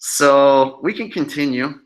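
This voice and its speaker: A man's voice: medium pitch, takes it slowly. A man hosting his own livestream, talking casually in a profane, defiant way and mocking his critics. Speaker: channel host.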